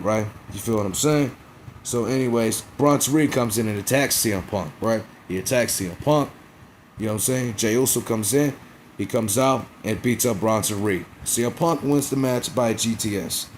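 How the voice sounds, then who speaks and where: A man's voice: mid-range voice, slight background noise. A man casually recapping a wrestling show in a vlog, blunt and profane, constantly checking in with "right?" and "you feel me?".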